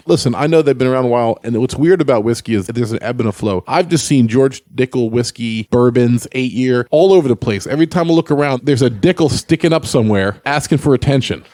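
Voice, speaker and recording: A man's voice: mid-range voice, expressive, brisk, darkish tone, no echo, studio quality. A man co-hosting a whiskey podcast in casual chat, joking around and swearing freely. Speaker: podcast co-host.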